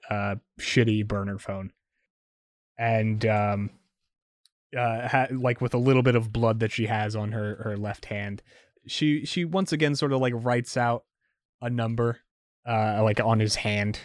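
A man's voice: on the low side, fairly even intonation, unhurried, no echo. A man narrating as game master for a tabletop game, rambling with many fillers and restarts.

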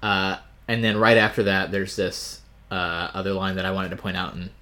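Wry, rambling podcast host, bright voice. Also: male voice, low-pitched, flat delivery, moderate pace. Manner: wry, rambling, frequent fillers. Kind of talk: casual book discussion.

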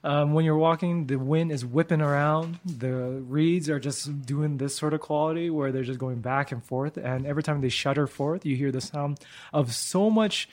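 A man's voice: a little high, darkish tone. A man running a tabletop game as game master, narrating scenes in a playful, descriptive way on a radio show with a studio microphone. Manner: descriptive, playful, laughs often.

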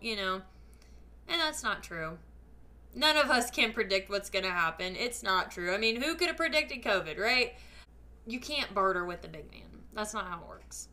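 With a mid-range voice that swings widely in pitch, a female podcast host talks at a measured pace in a sharp tone. She offers listeners a casual, emphatic, earnest faith-based motivational message, peppered with fillers.

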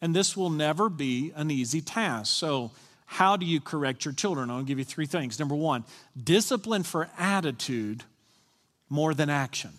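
A man's voice: fairly high pitch, animated, normal speed, a bit bright, long reverb tail. A man, a senior pastor, giving a conversational sermon and often asking the congregation questions. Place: church sanctuary.

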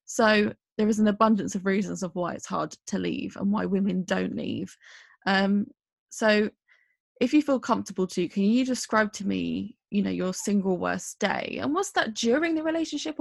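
A woman interviewing a guest, laying out facts carefully and asking gentle questions. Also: medium pitch, normal speed, vocal fry, no room sound, studio quality.

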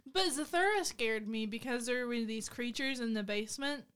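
A woman co-hosting a casual podcast chat with friends, chatty and quick to laugh. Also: fairly high pitch, a bit bright, clean tone. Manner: giggly, chatty. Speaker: podcast co-host.

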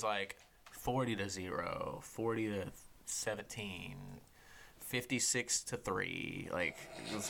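A young man hosting a podcast, telling animated, profane stories in casual chat. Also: fairly low pitch, a little hiss or hum. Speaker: podcast host.

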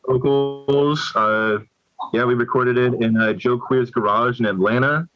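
A man from a band, a singer, speaking haltingly with many fillers. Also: medium pitch, fairly even intonation, no room sound, dull audio, soft background music. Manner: halting, hesitant speech with fillers. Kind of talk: casual interview chat.

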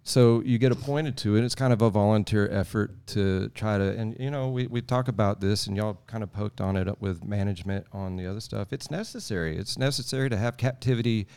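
A man's voice: lowish voice, fairly quick, hardly any pauses, darkish tone, clean tone. A man from Texas, telling a rambling, folksy travel story as a podcast guest. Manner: rambling, folksy, chuckling asides. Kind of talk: casual storytelling.

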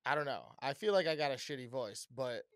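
A man's voice: mid-range voice, expressive, fairly quick, a bit bright, no room sound. A young American man co-hosting a podcast, telling loose, profane stories in casual chat on a close mic. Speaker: podcast co-host.

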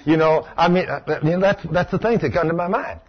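Man preaching, folksy storytelling, husky tone, fairly high voice, dull lo-fi recording. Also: brisk. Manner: folksy, drops into a low hushed voice for quotes, rises for exclamations. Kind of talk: sermon with storytelling.

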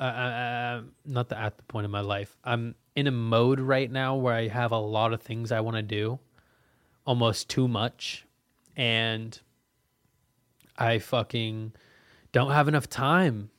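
A man's voice: mid-range voice, no room sound, clean studio sound. A young man hosting a casual solo podcast, rambling and swearing with lots of fillers, cold and soaked. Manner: rambling and profane, frequent fillers; frustrated venting. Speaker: podcast host.

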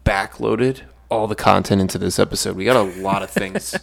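A man's voice: fairly low pitch, moderate pace, creaky. A man co-hosting a podcast in laid-back, joking chat. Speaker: podcast co-host. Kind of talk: casual chat.

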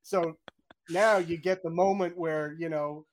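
A man's voice: a little high, fairly even intonation. A middle-aged man, a game audio director, chatting in an interview and acting out his own reactions in quoted lines. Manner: fast, chatty, many "you know"s and restarts. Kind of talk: candid interview storytelling.

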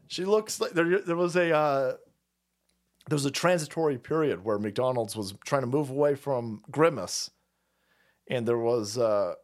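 A man hosting a livestream, ranting about politics in a heated, crude and mocking way and swearing constantly. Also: medium pitch. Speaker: livestream host. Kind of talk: profane political rant on a livestream.

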